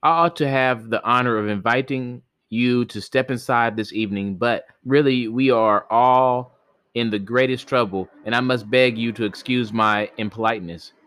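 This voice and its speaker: A man's voice: mid-range voice, moderate pace, fairly bright tone, clean tone, no echo, close to an everyday voice. A man voicing the stern, grieving master of a house in a spoken folk tale, speaking in an accusing tone. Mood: apologetic.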